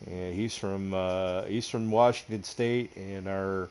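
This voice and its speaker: A man from upstate New York with a fairly low voice hosts a relaxed gaming livestream. He jokes and laughs with his co-players, greets the viewers and talks loosely into his mic. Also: slow, clear, resonant tone. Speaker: livestream host. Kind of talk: casual gaming livestream chat.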